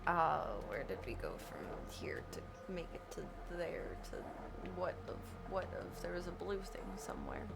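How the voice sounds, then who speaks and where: A woman's voice: on the low side, huge pitch swings, normal speed, gravelly, noisy background. A woman streaming a video game, chatting casually, swearing freely and breaking into laughing shrieks. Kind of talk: casual gameplay chat.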